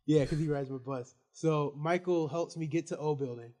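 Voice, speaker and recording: Young man telling an animated story. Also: fairly high pitch, normal speed. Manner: animated storytelling, laughing as he tells it. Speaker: student guest. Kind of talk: casual podcast chat.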